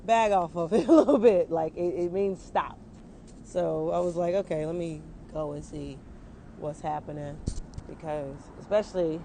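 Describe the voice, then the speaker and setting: A woman's voice: on the low side, darkish tone. A young woman venting casually and angrily on a phone livestream outdoors, swearing often and rambling with many fillers.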